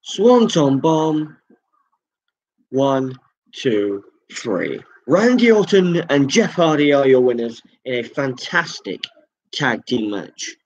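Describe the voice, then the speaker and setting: Excitable husky man calling wrestling live. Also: takes it slowly, muffled recording. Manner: excitable, pitch jumps on big moves; chatty, thanks viewers directly. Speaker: live stream host. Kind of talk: live reaction commentary.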